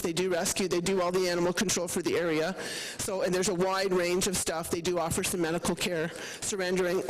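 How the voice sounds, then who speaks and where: A woman's voice: medium pitch, a little hiss or hum, poor audio. Chatty woman presenting to a council. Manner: chatty, loose, with many fillers. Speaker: animal rescue representative. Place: council chamber.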